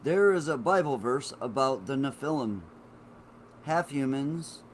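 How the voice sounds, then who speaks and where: A man's voice: medium pitch, lively intonation, measured pace, slight background noise. A man in his forties chatting on a live stream, rambling and swearing while he talks to his viewers. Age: 40s. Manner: rambling and profane, talking to chat viewers. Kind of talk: casual live-stream chat.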